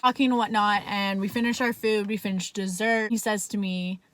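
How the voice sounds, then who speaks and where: A woman's voice: medium pitch, fairly even intonation, normal speed, a bit bright, no room sound. Chatty young woman telling a story. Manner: chatty, fills speech with "like", swears freely. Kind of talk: casual storytime vlog.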